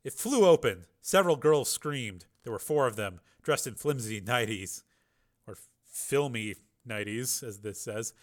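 A man reading a crime novel aloud, lively, with small slips and corrections. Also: mid-range voice, moderate pace. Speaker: reader.

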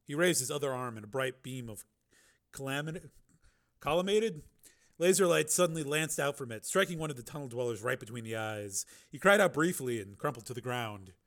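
Man narrating an audiobook in a steady voice. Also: medium pitch, a little fast. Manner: steady storytelling with occasional slips and self-corrections.

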